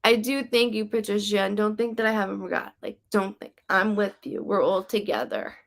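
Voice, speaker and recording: Speaking at a normal pace in a creaky, mid-range voice, a woman works as a psychic medium on a live stream. She chats loosely, full of "um" and "like," as she hands spirit messages to her audience.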